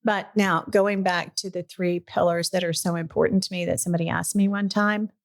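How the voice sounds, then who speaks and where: A middle-aged woman hosting a podcast, telling a personal story in casual chat, lively and earnest, at times emotional. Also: fairly low pitch, fairly quick. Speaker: podcast host.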